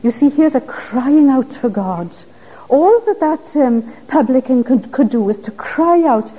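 Earnest woman preaching, high and husky. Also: lively intonation, measured pace. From Wales. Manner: earnest, pleading rhetorical questions. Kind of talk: sermon. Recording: dull lo-fi recording.

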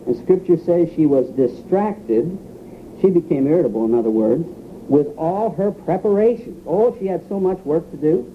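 A man's voice: on the high side, animated, moderate pace. A man preaching a sermon in an earnest, emphatic way, acting out the quotes he gives. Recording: tinny phone-like radio broadcast with faint hiss.

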